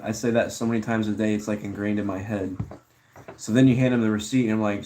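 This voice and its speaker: A man's voice: on the low side, fairly even intonation, fast, mellow. A young man casually chatting on a live stream, reading chat messages aloud and answering them in a laid-back way.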